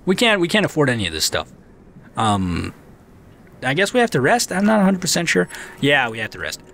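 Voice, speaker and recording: A young man commentating a game, excitable and swearing, reading the game text aloud. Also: on the high side, brisk, creaky. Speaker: gameplay commentator. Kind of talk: let's play commentary.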